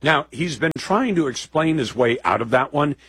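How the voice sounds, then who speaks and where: A man's voice: fairly high pitch, expressive, normal speed, fairly bright tone, husky, no room sound. A man hosting a political talk show, delivering emphatic, combative commentary. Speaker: talk radio host.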